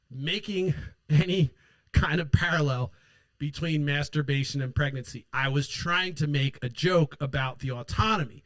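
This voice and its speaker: High-voiced man ranting, sarcastic and profane. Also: fairly bright tone, no room sound. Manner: angry, sarcastic, swears constantly, mocks in put-on quotes. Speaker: political podcast host. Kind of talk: profane political rant.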